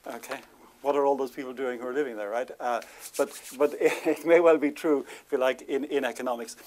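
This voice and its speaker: Chatty male lecturer, quick to laugh. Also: medium pitch, fairly even intonation, a little mellow. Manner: chatty, laughs often between remarks; self-deprecating asides. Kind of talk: informal lecture to a live audience.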